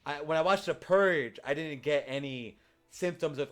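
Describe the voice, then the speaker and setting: A man's voice: on the high side, moderate pace, a bit bright. A man hosting a podcast in casual chat, loose and rambling with lots of fillers. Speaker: podcast host.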